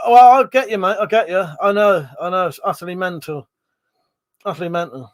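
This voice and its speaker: A man's voice: high-pitched, lively intonation, moderate pace, dry recording. Chatty man on a livestream. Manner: swears freely, chatty, reads viewer comments aloud. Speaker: livestream host. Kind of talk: casual livestream chat reading comments.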